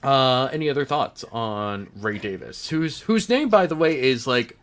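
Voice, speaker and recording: A man with a bright, forceful voice hosts a relaxed sports podcast. He rambles through his thoughts in a chatty way and laughs easily. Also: mid-range voice, measured pace. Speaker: podcast host. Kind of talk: casual sports chat.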